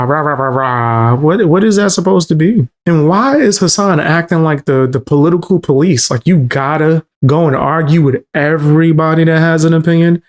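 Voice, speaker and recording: A man hosting a commentary channel, reacting in a blunt, slangy, dismissive way. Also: on the high side.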